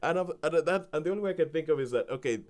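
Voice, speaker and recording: A man giving a casual spoken film review on a podcast, rambling with many restarts and turning animated when he quotes people. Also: a little high, rapid-fire.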